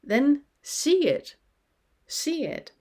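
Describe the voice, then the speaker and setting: A woman teaching a spiritual lesson, speaking slowly and gently in questions, often pausing to let listeners feel into an experience. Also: high-pitched, big pitch swings. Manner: slow, gentle questioning with pauses.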